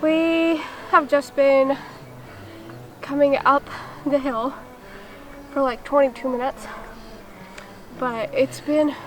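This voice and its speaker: A woman's voice: sits high, level tone, slow pace, pauses often, faint music behind, poor audio. Breathless woman vlogging on a hike. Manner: breathless, chatty, self-deprecating. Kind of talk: casual hiking vlog. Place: outdoors on a steep forest trail.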